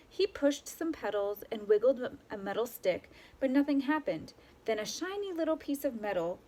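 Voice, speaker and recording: A woman reading a picture book aloud to children, expressive and animated. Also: medium pitch. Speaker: storyteller.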